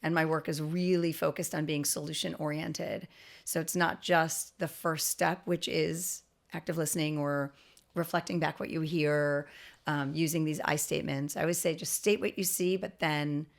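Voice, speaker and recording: A middle-aged woman talks as a podcast guest, earnest and explanatory, restarting her sentences as she goes. Her voice sits a little low with a gravelly edge. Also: steady tone, moderate pace. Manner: earnest, explanatory, with frequent restarts and light laughs. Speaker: guest, autism expert. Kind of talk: podcast interview.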